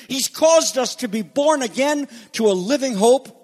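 A man preaching a sermon as pastor, emphatic, swinging between loud declarations and quiet asides. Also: very high voice, a little slow. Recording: long reverb of a large hall.

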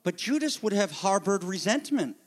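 A man preaching a sermon with a high voice and lively, animated delivery, now and then taking on the voices of people in the story. His words ring out with a long reverb, as if he is in a large hall. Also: normal speed. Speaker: pastor.

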